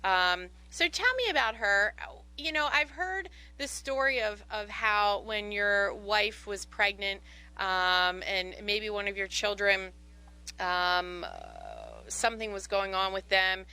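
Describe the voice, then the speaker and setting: A woman's voice: medium pitch, slow pace, bright, forceful tone, clear, resonant tone, no echo, low-quality recording. A woman hosting a radio show, interviewing her guest in an effusive, gushing manner.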